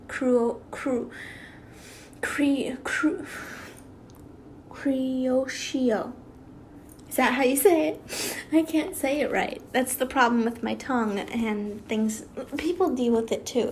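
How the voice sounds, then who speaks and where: A woman's voice: a little high, slow, a little hiss or hum. A woman reading fan fiction aloud, breaking off into rambling, giggly asides and restarts. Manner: rambling, self-interrupting, giggly. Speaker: YouTube fan fiction reader. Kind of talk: casual read-aloud with chatty asides.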